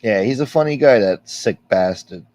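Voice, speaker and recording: A man's voice: fairly low pitch, lively intonation, normal speed, a little mellow, dry recording. A man hosting a casual livestream, reading viewer comments aloud in a rambling, sarcastic, heavily profane way. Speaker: livestream host.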